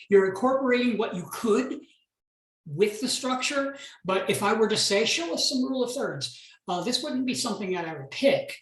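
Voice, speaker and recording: A man, an art professor, giving recorded feedback on student photographs in a measured, reflective way with many pauses and restarts. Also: sits high, a bit bright, echoey room, rough recording.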